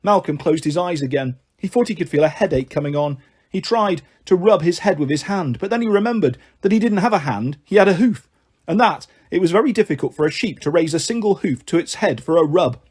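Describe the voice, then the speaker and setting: A man reading a children's book aloud, narrating and voicing many characters with lively expression. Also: fairly high pitch, a little fast, breathy edge. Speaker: storyteller.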